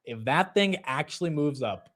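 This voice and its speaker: Excitable man hosting a market livestream. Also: fairly high pitch. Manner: excitable, swings loud and fast, joking. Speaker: livestream host. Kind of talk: casual market livestream chat.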